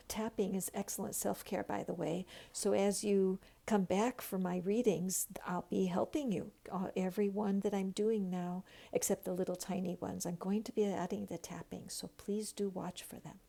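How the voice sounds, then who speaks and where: Woman, tarot reader, gravelly voice, warm dark tone, gentle guided tapping affirmations. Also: medium pitch, fairly even intonation, normal speed, few pauses. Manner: gentle, leads affirmations for listeners to repeat.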